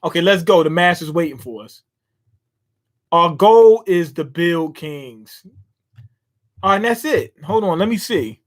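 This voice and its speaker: Casting: man with a high-set voice, casual manga read-along, chatty quick reactions. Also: expressive. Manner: reads panels aloud, reacting with quick asides. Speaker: manga reader and commentator. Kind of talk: casual read-through with commentary.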